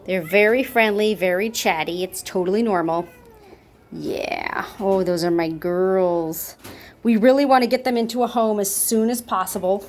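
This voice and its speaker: At a normal speed and with a mid-range voice, a woman who fosters cats and helps with adoptions chats casually on camera. She talks up kittens and coos at them in baby talk while cats meow nearby at home.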